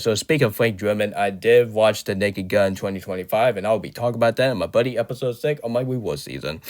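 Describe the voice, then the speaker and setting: A man with a sick voice giving a rambling, casual movie review as host of his channel, often correcting himself and ranting in exasperation. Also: medium pitch.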